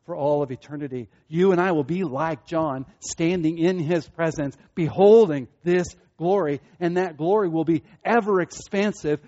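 A man preaching a sermon earnestly, repeating himself and building to excited peaks. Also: a little high, moderate pace, few pauses, dull audio. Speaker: pastor.

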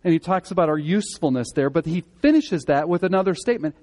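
A man giving a sermon as pastor, speaking conversationally and swinging between loud emphatic moments and quiet earnest ones. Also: on the high side, animated, quick pace. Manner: conversational preaching, rising and falling in emphasis.

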